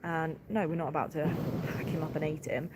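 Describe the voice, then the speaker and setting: A woman's voice: deep voice, flat delivery, normal speed, background noise. A tired woman, a livestock farmer chatting casually on a live stream, giggling often and filling gaps with ums. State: tired, short on sleep.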